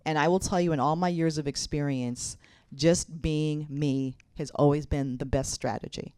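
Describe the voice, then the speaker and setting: A woman's voice: deep voice, fairly even intonation, moderate pace, dark tone, clear, resonant tone, no echo. A middle-aged woman giving a conference keynote as a mayor, speaking candidly and directly as she gives advice. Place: conference hall.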